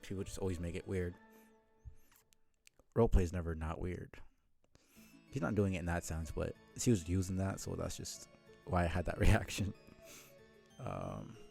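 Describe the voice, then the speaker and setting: Gravelly low-voiced male streamer. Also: animated, normal speed, pauses often, mellow, soft background music. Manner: rambling, casual swearing, laughing asides. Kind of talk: casual live-stream chat.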